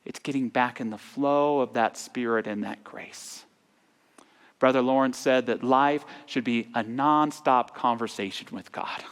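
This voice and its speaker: A man giving an earnest sermon as minister, his voice sometimes falling almost to a whisper. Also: medium pitch. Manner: earnest, with soft drops to near-whispers. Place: large church sanctuary. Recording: long church reverb.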